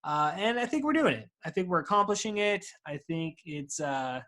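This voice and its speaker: A man in his thirties, stoned, hosts a solo podcast over a video call in a slightly higher voice than most men. He rambles loosely and swears freely, laughs easily, and argues back and forth with himself. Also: animated, moderate pace, a bit bright. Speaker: podcast host.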